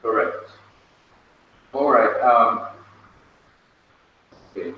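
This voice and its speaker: Very slow and mid-range, this man's voice comes through a muffled recording. He's a Hebrew teacher leading a class, calling students by name and patiently working on their pronunciation, captured from far away in an echoey room with faint noise.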